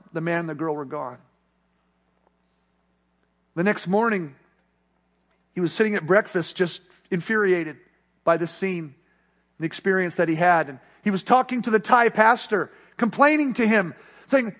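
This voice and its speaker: A male preacher telling a story from the pulpit in an earnest manner. His voice sits high for a man. It climbs with the drama and sinks low and quiet for the lesson. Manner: earnest, rising then hushed. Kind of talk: sermon storytelling.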